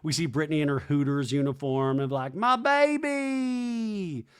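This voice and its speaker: A man hosting a podcast, giving an animated, chatty comedic TV recap. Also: mid-range voice, fast talker, clear, resonant tone. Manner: animated, chatty, frequent impressions. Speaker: podcast host.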